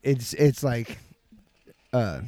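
A man's voice: mid-range voice, sing-song, drawn-out words, warm tone, no room sound. A young man in crude casual banter who laughs a lot and rambles.

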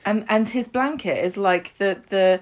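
A woman's voice: mid-range voice, unhurried. A woman, co-hosting a podcast and chattily retelling soap scenes with quoted lines. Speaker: podcast co-host. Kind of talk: casual chat, recapping a soap.

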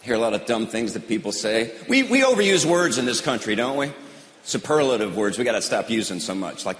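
A middle-aged man doing stand-up comedy on stage with a deadpan drawl, now and then slipping into mocking voices. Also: medium pitch, fairly quick, a little hiss or hum. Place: large hall on stage. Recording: roomy, long hall reverb, audience ambience.

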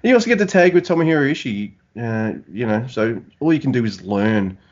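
A man's voice: medium pitch, animated, brisk, a little mellow. Brief: easygoing male co-host, rambling casual chat, slightly dull audio. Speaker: podcast co-host.

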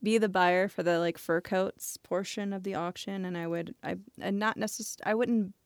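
Podcast co-host, woman, mid-pitched, playful and giggly, dry close sound. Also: steady tone, normal speed, clear, resonant tone, dry recording. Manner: playful, giggly, hedging with "I mean" and "like". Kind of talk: casual chat.

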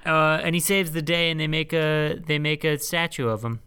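A man's voice: fairly high pitch, steady tone, normal speed, pushed and bright, clear, resonant tone, no room sound. A man co-hosting a podcast, recapping a film in emphatic, swearing casual chat. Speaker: podcast co-host.

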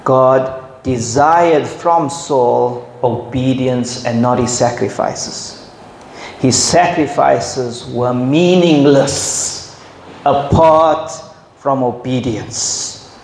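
A man preaching a sermon, slow and emphatic, who jumps high when he acts out quotes. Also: creaky, darkish tone, a little hiss or hum. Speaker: pastor. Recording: echoey hall, faint ambience.

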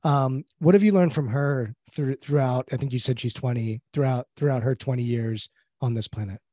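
A man in his thirties interviewing a guest, asking his question haltingly, with many restarts. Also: medium pitch, dark tone, no room sound. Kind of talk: casual interview.

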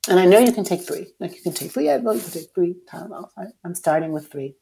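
A woman's voice: fairly low pitch, animated, quick pace, creaky. Frank woman telling a personal story. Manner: frank and emotional, swears, swings between hushed and loud. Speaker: interview guest, author.

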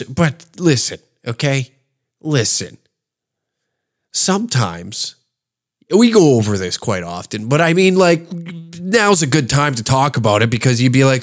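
A man in his thirties hosts his podcast with a nasal, stuffed-up voice from a cold. His pitch sits in the middle, and he rambles in a crude, self-mocking way. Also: very animated, unhurried. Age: 30s. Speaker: podcast host. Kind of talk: casual solo podcast talk.

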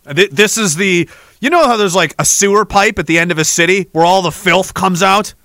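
A man's voice: high voice, a little fast, bright, forceful tone, dry recording. A man hosting a podcast, ranting in an angry, profane, sarcastic way. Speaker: podcast host.

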